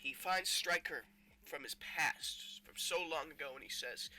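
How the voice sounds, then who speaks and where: A man retelling a story for comedy in a meandering, deadpan way, full of fillers and restarts. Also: on the high side, unhurried. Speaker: gaming video creator.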